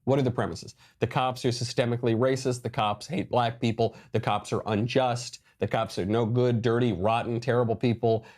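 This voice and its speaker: A man's voice: medium pitch, moderate pace, few pauses. A man giving emphatic, sarcastic political commentary over news clips. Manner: emphatic, sarcastic, lively delivery.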